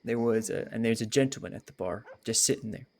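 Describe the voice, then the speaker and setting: A man telling a long joke story in character, slow and unhurried, acting out each person in it. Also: lowish voice, vocal fry. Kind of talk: drawn-out joke told in character.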